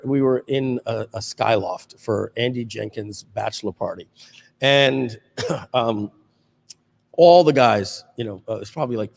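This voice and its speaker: A man hosting a casual livestream chat, telling anecdotes in an animated way and laughing often. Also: medium pitch, big-room sound. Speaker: host.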